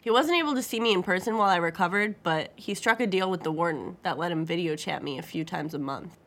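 A woman's voice: on the low side, fast, fairly bright tone. A woman narrating a first-person story with a wry, dry humor.

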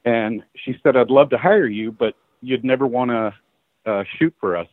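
A middle-aged male photographer tells stories from his career in a loose, animated way, full of "uh" and "you know." He voices the people in his stories. His voice is mid-pitched and comes over a dry, narrow, phone-like line. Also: normal speed, no room sound. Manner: animated storyteller acting out quoted dialogue, laughing. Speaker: guest photographer. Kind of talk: casual storytelling interview.

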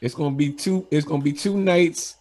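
Animated higher-voiced man telling stories. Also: a little fast. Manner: animated storytelling, slangy. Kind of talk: casual chat.

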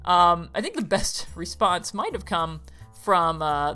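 A woman hosts a casual podcast, her pitch rising and falling a lot as she talks. She laughs often and reads quotes aloud with energy. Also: animated, unhurried, a bit bright, faint music behind. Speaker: podcast host.

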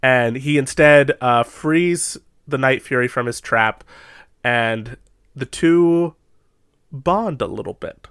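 A young man co-hosting a podcast, telling a story in a casual, animated way with plenty of laughs. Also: mid-range voice, slow, clear, resonant tone, no echo, studio quality. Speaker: podcast co-host. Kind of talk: casual chat.

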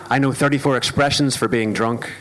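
A man's voice: mid-range voice, steady tone, fairly quick, fairly bright tone. Wry Northern Irish man performing poetry. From Northern Ireland. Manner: rhythmic, wry, self-deprecating delivery. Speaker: spoken word poet. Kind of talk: live spoken word poetry performance. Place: live music club venue.

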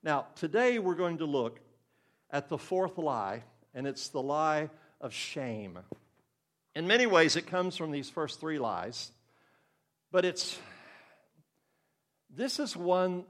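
A man's voice: a little high, fairly bright tone. Older man preaching an earnest sermon. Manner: earnest, conversational, acts out quoted voices.

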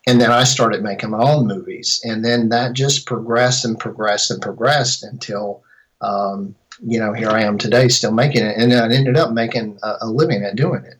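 A man's voice: on the low side, moderate pace, poor audio. A middle-aged man, a filmmaker and composer, telling stories in a casual interview, rambling with many restarts.

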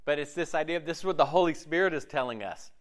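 A man's voice: a little high, fast talker. A man preaching a sermon in a conversational way, often asking his listeners questions and acting out the voices in their heads. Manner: conversational, asks the audience often; acts out inner voices in quotes. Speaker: pastor.

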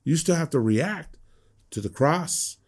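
A man's voice: fairly high pitch, lively intonation, measured pace, darkish tone, slightly rough. A man preaching a conversational sermon as a pastor, emphatic and prone to repeating words.

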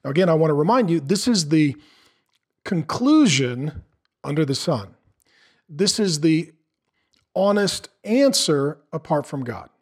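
A man's voice: fairly high pitch, very animated, a little slow, pauses often. A middle-aged man preaching a sermon in an earnest, conversational way, asking the listeners questions. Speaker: pastor.

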